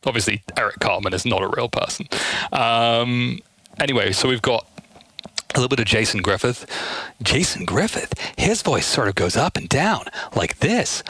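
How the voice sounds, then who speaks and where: A man chatting casually on a stream from his room, animated and talkative, speaking into a headset. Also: medium pitch, normal speed, no room sound. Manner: animated and chatty, speeding up in asides. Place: home room at night.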